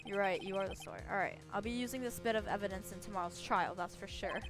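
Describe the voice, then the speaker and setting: A woman's voice: mid-range voice, quick pace, music in the background. A young woman playing through a video game, reading dialogue aloud in a playful, giggly manner. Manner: playful, giggly, reads characters in varied voices. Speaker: gaming streamer.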